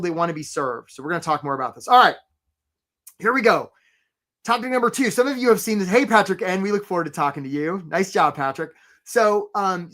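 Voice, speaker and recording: A career coach hosts a live career webinar, his voice a little high and a bit bright. He talks in an upbeat, conversational way, greeting attendees by name and often asking "right?".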